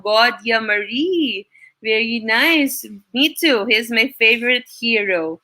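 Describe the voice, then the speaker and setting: A Filipina teacher with a bright, crisp voice, speaking slowly and deliberately over a video call. She talks a little high and keeps checking in with her students with "no?" and "okay?". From Philippines. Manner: encouraging, frequent "no?" tag questions. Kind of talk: online class teaching.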